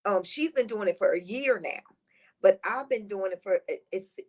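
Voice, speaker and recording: A middle-aged woman who is a guest on a talk show. She tells heartfelt, rambling personal stories in a lively, positive, high-energy way. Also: normal speed. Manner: rambling, heartfelt storytelling with restarts. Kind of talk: casual conversational interview.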